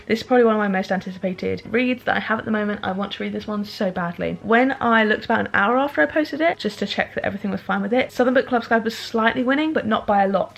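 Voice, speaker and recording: A woman's voice: medium pitch, creaky. A young woman chatting casually to camera in a book vlog, rambling and saying "like" a lot. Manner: chatty, rambling, says "like" often. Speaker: book vlogger.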